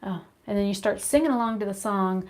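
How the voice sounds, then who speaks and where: A woman chatting to a phone camera at home, rambling and animated as she tells stories between makeup steps. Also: medium pitch, fairly quick. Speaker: beauty vlogger. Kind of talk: casual chat while doing makeup. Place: her home, indoors. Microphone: phone camera at arm's length.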